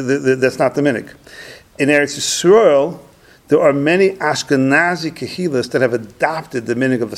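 A man teaching a religious text lesson, reading Hebrew phrases and then translating and explaining them in English, repeating points for emphasis. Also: medium pitch. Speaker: Torah teacher. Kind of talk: Talmudic-style text study lesson.

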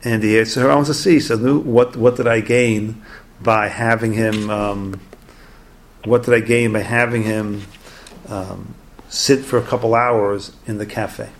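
A man teaching a Torah class through animated, conversational storytelling. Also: lowish voice, unhurried, a little hiss or hum.

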